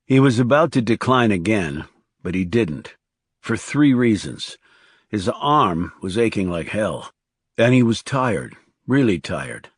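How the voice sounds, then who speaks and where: A man narrating a crime thriller audiobook in a measured, calm, understated reading. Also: fairly low pitch, slightly rough, no echo, studio quality. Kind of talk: scripted narration.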